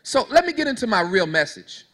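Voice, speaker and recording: A man's voice: high voice, big pitch swings, a little fast, a bit bright. A man in his thirties giving a motivational speech to young people. He tells folksy stories and leads the audience in call-and-response. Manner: preachy call-and-response, talks straight to the audience; storytelling, folksy. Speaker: motivational speaker to youth.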